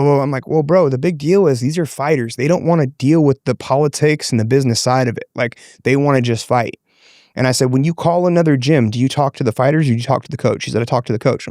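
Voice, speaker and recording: A man's voice: mid-range voice, no room sound, clean studio sound. A man, a boxing coach, casually telling a heated story on a podcast, swearing often and acting out what people said. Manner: animated, swears often, acts out quotes.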